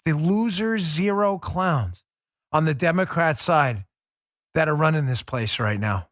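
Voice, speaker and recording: American guy hosting a political podcast, kinda high voice, sarcastic, laughs a lot, dry close sound. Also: a bit bright, dry recording. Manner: sarcastic, mocking, laughs often. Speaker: podcast host. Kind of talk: political commentary.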